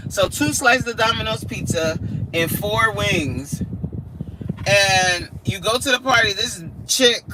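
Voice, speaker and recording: Chatty woman live-streaming from her car. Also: mid-range voice. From New York. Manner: chatty, slangy, laughs often. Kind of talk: casual chat while driving. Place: inside a car in snowy weather. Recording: loud car road noise. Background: vehicle engine and road noise.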